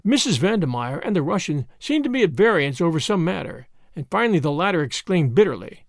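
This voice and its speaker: A male narrator reads a novel in an expressive storytelling manner, his fairly high voice rising and falling a great deal. The recording is dry and close, with no room sound. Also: fairly quick, hardly any pauses, dry recording. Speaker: audiobook narrator. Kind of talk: scripted narration.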